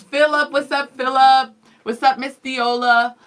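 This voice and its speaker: Bright, lively woman radio co-host. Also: high-pitched, slow pace, rough recording. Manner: lively, reads viewer comments aloud. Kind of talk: casual live-stream chat.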